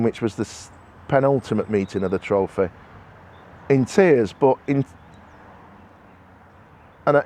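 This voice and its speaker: A man's voice: mid-range voice, darkish tone. A man talking casually to camera in a vlog, rambling and heartfelt, with many restarts and repeated words. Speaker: motorsport club organiser. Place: outdoors at a racing circuit.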